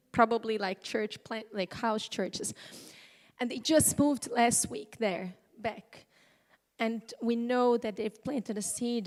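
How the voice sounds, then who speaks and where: A woman giving a live conference talk, speaking conversationally with halting restarts. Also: fairly high pitch. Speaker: presenter. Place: conference hall. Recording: long hall reverb.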